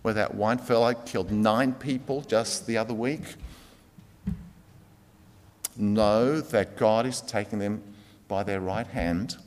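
A man preaching a sermon as a pastor, earnest, swinging from emphatic to very soft. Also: fairly low pitch, steady tone, takes it slowly, long pauses. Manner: earnest, rising to emphatic then dropping very soft. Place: church. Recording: reverberant church hall.

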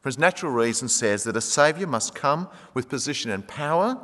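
A man preaching a sermon, animated, acting out the quoted speech of the people in his story. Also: mid-range voice, brisk. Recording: long hall reverb.

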